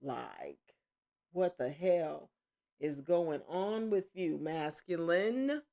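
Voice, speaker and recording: Slow, rambling woman reading tarot. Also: deep voice, gravelly. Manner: rambling, self-correcting, with excited exclamations. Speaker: tarot reader. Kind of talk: casual spoken tarot reading. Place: at home.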